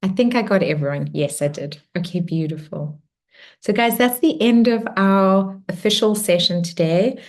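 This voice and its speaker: A woman closing a guided meditation and warmly encouraging an online group as she reads out their comments. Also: mid-range voice, moderate pace. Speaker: meditation and spiritual workshop leader. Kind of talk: guided meditation close and live group check-in.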